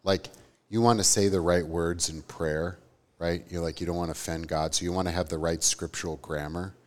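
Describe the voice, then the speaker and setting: A man's voice: low-pitched, steady tone, fairly quick. A man co-hosting a live podcast, talking earnestly and with emphasis, often asking "right?". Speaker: podcast co-host, theology teacher. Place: live event before an audience.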